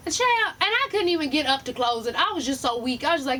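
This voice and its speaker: A woman vlogger telling a profane, animated story in a casual storytime rant, laughing as she goes. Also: high-pitched, quick pace, few pauses, a little hiss or hum.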